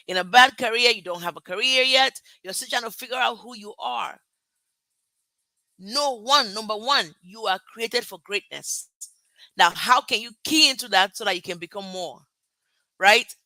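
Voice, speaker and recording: Middle-aged Nigerian woman, live motivational host, very bright, tense edge, dry close sound, punchy and repetitive. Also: on the high side, no echo, poor audio. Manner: emphatic, repeats points, laughs at herself.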